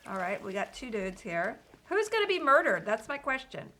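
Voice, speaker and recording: A woman's voice: on the high side, sing-song, normal speed, bright, forceful tone, slight background noise. A woman streaming a video game, chatting casually with viewers and reading game dialogue aloud. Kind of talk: casual live-stream chat.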